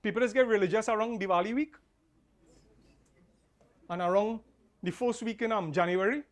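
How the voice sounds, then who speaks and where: A man, an officiating pundit preaching a funeral sermon, repeating key lines and swinging between soft and loud. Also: sits high, normal speed.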